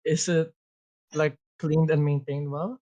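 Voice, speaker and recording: A player in a tabletop role-playing session who talks in a halting, self-correcting way while describing their character's actions. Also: mid-range voice, little pitch movement, warm tone, highs cut off.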